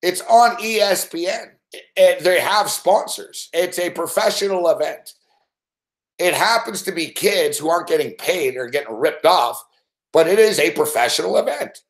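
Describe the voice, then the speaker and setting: Profane, animated betting show host. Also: male voice, on the high side, moderate pace. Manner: profane, animated storytelling with mock outbursts. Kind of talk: live late-night betting commentary.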